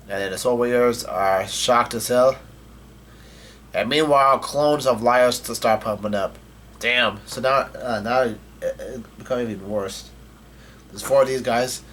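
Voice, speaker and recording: A man narrating a comic chapter in a loose, rambling way, full of fillers, restarts and casual swearing. His voice sits at a middling pitch, with a faint hiss in the background. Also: unhurried, fairly bright tone. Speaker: manga reading channel host. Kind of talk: casual comic read-through with commentary.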